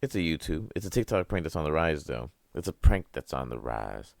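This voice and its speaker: Very deep, gravelly-voiced man ranting. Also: big pitch swings, a little fast, no echo. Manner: profane, rambling, laughing at his own jokes. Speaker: podcast host. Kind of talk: casual ranting monologue.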